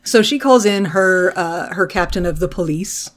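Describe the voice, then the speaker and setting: A podcast co-host recapping a TV episode in casual, profane, animated chat. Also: medium pitch, moderate pace.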